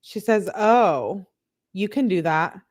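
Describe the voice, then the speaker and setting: A woman's voice: medium pitch, animated, slow, darkish tone. Woman, live-stream host, casual chatter, reads messages aloud, lots of filler words, mid-range voice.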